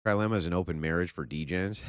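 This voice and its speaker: A man's voice: sits low, dry recording, clean studio sound. A man hosting a livestream and reading super chats in a blunt, profane, sarcastic way. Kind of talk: casual livestream chat.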